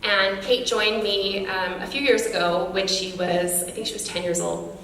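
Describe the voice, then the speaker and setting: A woman's voice: medium pitch, fairly even intonation, moderate pace, a bit bright, slight background noise. A woman guest speaker gives an earnest, encouraging motivational speech to an audience at a girls' sports awards, talking to them directly. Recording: echoey hall from far off.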